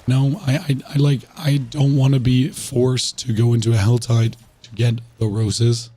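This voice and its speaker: A man talks to his viewers in a voice worn hoarse, having lost most of it. His tone sits dark and mellow at a middling pitch. He rambles casually, restarts his sentences and throws rhetorical questions at chat. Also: level tone, a little slow. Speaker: streamer playing a game.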